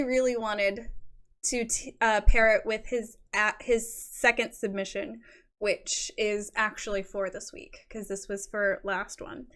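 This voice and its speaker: Woman, show host, effusive, slightly high, unhurried. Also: a bit bright. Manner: gushing, effusive praise. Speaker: host of a creative writing show. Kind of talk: reading submissions and reacting.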